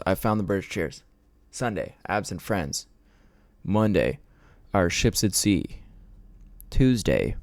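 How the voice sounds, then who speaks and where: A man's voice: low voice, darkish tone, dry recording. A man hosting his podcast, ranting in a casual, profane, sarcastic and rambling way. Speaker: podcast host.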